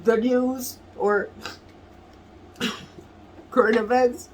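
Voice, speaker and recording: A woman giving a tarot reading to camera, emotional and earnest, often laughing softly and near tears as she repeats phrases. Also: on the high side, steady tone, drawn-out words, poor audio. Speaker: tarot reader.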